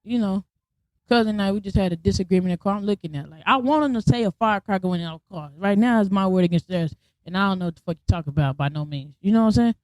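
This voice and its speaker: Talking rapid-fire in a mid-range voice, a young adult podcast host recounts a story in a dry recording with no room sound. She's slangy and blunt, performing the people in it through animated quoted voices.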